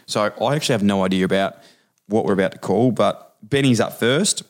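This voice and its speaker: A man's voice: fairly low pitch, fairly quick. An Australian man hosting a podcast, chatting and teasing in an upbeat, casual way, interviewing callers. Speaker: podcast host.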